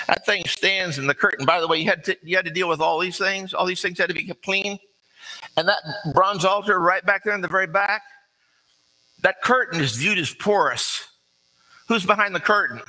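A man's voice: sits high, sharp tone, poor audio. A man preaching an earnest, conversational sermon with folksy asides.

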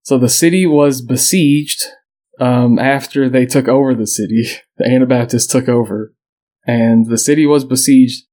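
A man's voice: medium pitch, moderate pace, warm tone. A man hosting a casual history podcast, reading his notes aloud and joking with his co-hosts. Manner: reads notes aloud, jokes and laughs with co-hosts. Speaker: podcast host.

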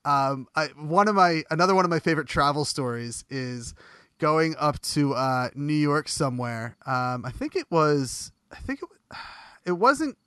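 Bright-voiced chatty man, close dry mic. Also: on the high side, expressive, normal speed, smooth, no echo. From Bucks County, Pennsylvania. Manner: rambling, laughs often, many restarts. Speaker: podcast host. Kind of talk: casual chat.

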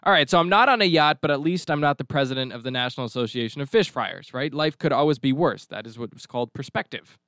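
A man's voice: mid-range voice, expressive, fast, hardly any pauses, a bit bright, no echo, studio quality. A man hosting a podcast, talking in a rambling, jokey, digressive way. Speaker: podcast host. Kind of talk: casual chat.

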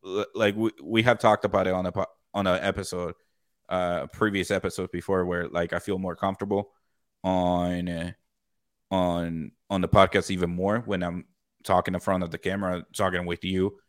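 Male podcast co-host, deep voice, loose and profane, lots of fillers, dry mic. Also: little pitch movement, normal speed, no echo. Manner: loose, swears a lot, filler-heavy. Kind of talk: casual podcast chat.

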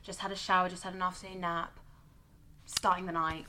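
A young woman from England co-hosting a casual podcast chat, relaxed and often trailing off softly. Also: on the low side, fairly quick. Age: young adult. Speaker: podcast co-host.

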